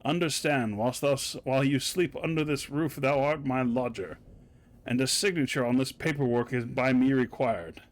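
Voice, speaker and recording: A man voicing a prim landlord in a video game who speaks in slow, old-fashioned archaic English. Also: medium pitch, lightly acted. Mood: stately. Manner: slow, stately, archaic phrasing.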